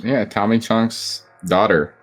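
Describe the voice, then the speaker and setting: A man's voice: fairly low pitch, fairly even intonation, slow. A man co-hosting a podcast, chiming in with blunt, profane, joking comments on a horror movie. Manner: blunt, profane, jokey asides. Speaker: podcast co-host. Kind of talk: casual film-review chat.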